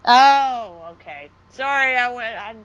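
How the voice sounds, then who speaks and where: A woman's voice: on the high side, expressive, slow pace, fairly bright tone, no room sound. A woman co-hosting a podcast, recapping wrestling in a matter-of-fact, dry way with plenty of fillers. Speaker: podcast co-host. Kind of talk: casual wrestling chat.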